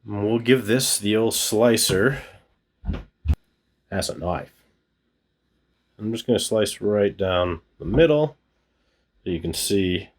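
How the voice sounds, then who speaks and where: Man, casual hands-on demo, jokey, slightly low voice, a bit husky. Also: darkish tone. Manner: upbeat, chatty, self-deprecating humor. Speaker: gardening channel host.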